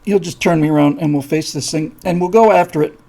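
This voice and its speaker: Gravelly, husky male show host. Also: a little high, fairly even intonation, fairly quick, mellow. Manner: rambling, many fillers, acts out voices in his stories. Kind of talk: casual live-show storytelling.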